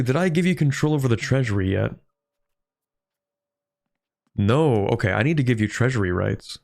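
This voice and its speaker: Fairly low-pitched and fry-heavy, a man offers easygoing gameplay commentary on a strategy game stream. He muses out loud and fields viewers' questions.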